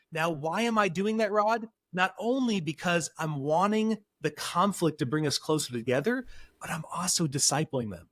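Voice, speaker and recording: A man's voice: fairly high pitch, expressive, moderate pace, no echo. Earnest middle-aged male counselor, dry close sound. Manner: earnest, emphatic, acts out dialogue while storytelling. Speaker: counselor and parenting guest. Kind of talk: podcast interview.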